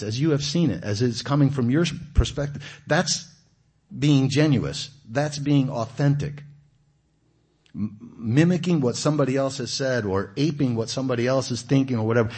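A man giving an informal, conversational sermon to a church group, asking the listeners questions and stressing points with animated emphasis. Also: medium pitch, slightly rough. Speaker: guest preacher. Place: church meeting room.

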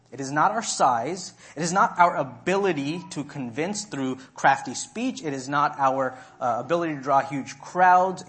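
A man preaching an expository sermon, reading verses aloud and explaining them with emphatic, deliberate stress on key words. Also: fairly high pitch, a bit bright.

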